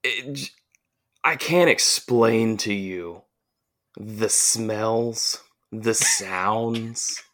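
A man's voice: fairly low pitch, extremely slow, a bit bright. A man from the southern United States, co-hosting a podcast and telling a long, profane, rambling story in casual chat. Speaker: podcast co-host.

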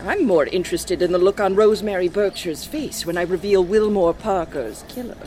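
A woman's voice: medium pitch, expressive, moderate pace, dark tone, slight background noise, lightly acted. A woman reading an audiobook in the role of a wry, prim amateur lady detective. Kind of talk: audiobook narration with voices.

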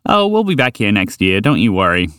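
A man's voice: lowish voice, sing-song, brisk, fairly bright tone, clean tone, no room sound, clean studio sound. A man voicing a friendly, easygoing talking horse in a storybook, kindly and reassuring. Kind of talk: storybook character voice.

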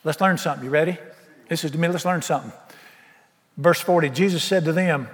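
Pausing often and speaking quickly, a male pastor preaches with folksy exuberance, firing questions at his congregation. His slightly high voice rings through the church sanctuary with a long, hall-like reverb.

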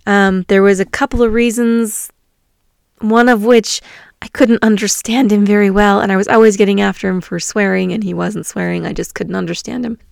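A woman, a teacher, telling a personal story from her classroom in a reflective, earnest way, pausing often. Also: mid-range voice, fairly even intonation, creaky, no echo, studio quality. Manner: reflective, earnest, with pauses and fillers.

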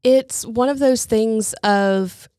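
A woman's voice: on the high side, slow pace, mellow, no room sound, studio quality. Chatty woman, self-deprecating co-host. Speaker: podcast co-host. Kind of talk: casual Bible study discussion.

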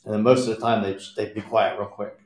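A man's voice: fairly low pitch, steady tone, fast. A man telling plainspoken stories from his working years in casual podcast chat. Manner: plainspoken, tells stories with quoted dialogue. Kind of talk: casual storytelling. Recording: roomy echo.

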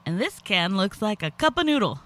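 A man's voice: high-pitched, big pitch swings, a little fast, pushed and bright. A man co-hosting a podcast, joking crudely and describing beers in casual chat. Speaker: podcast co-host.

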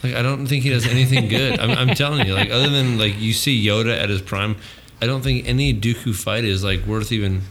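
A man's voice: medium pitch, steady tone, a little fast, a bit bright, a little hiss or hum. A man in a casual podcast chat, bluntly airing strong opinions and stumbling over repeated words.

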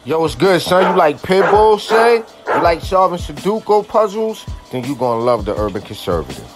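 A man voicing a brash, street-talking ad pitchman in a comedic promo skit, speaking in a hyped, high-pitched patter over music. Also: big pitch swings, moderate pace.

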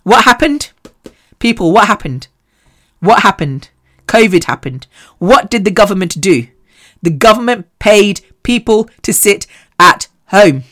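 A woman hosts her own podcast in a loose, conversational way. She tells animated stories and laughs often. Her voice sits at a middling pitch. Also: a little slow, pauses often. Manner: chatty, animated storytelling. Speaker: podcast host. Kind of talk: casual chat.

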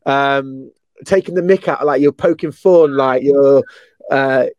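A man's voice: medium pitch, a little slow, a little mellow, no echo, dull audio. A British man hosting a casual chat, chatty and often repeating words as he starts a thought. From United Kingdom. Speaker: host.

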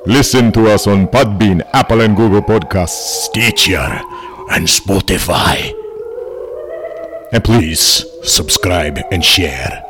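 A man playing a theatrical male vampire count who welcomes guests to his castle, with hammy, booming host patter. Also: slow, music in the background. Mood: campy.

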